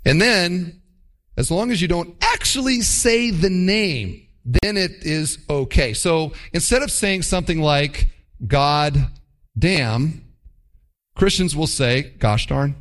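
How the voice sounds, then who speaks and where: A man delivers a sermon with an emphatic, animated delivery. His voice sits a little high for a man and swoops widely as he acts out short mock quotes. He preaches to his congregation. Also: a little slow. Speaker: pastor.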